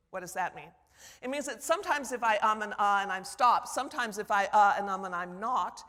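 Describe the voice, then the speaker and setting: An older woman giving a conference workshop on public speaking, teaching with personal anecdotes in an animated way. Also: mid-range voice. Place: conference hall. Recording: long hall reverb.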